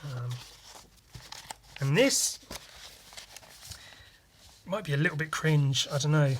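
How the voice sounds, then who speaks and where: A young man hosting a podcast, chatting casually and hesitantly about his old comic drawings, filling pauses with ums and throwing in quick sound effects. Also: fairly high pitch, expressive, slight background noise. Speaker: podcast host. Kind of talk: casual chat about his own artwork.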